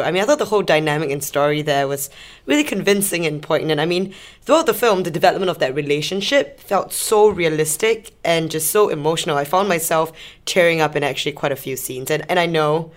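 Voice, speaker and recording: A woman with a fairly low voice shares her take on a film in relaxed podcast chat. She is expressive and enthusiastic, and pokes fun at herself along the way. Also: brisk. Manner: enthusiastic, expressive, self-deprecating. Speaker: film critic podcast co-host. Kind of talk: casual film review chat.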